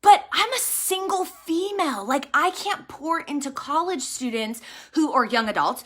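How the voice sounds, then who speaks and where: A woman in her thirties who leads a ministry, telling a personal story in a casual, excitable livestream chat. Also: high voice, unhurried. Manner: animated, excitable, talkative storyteller. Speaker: ministry leader and vlogger.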